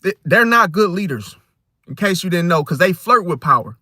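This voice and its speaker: A young man, ranting casually as an astrology content creator, animated and full of street slang. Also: high voice, moderate pace, dry recording, studio quality.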